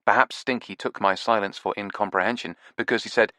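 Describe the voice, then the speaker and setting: Low, dry-voiced male audiobook narrator. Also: fairly even intonation, brisk, sharp tone, no room sound. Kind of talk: scripted first-person narration.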